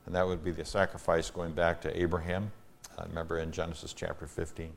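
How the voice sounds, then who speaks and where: Low-voiced guy teaching a psalm line by line, leans hard on key words then explains. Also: little pitch movement, gravelly, darkish tone. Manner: reads scripture with strong emphasis on key words; explains as he goes in plain, unhurried asides. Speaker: Bible teacher. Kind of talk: verse-by-verse Bible teaching.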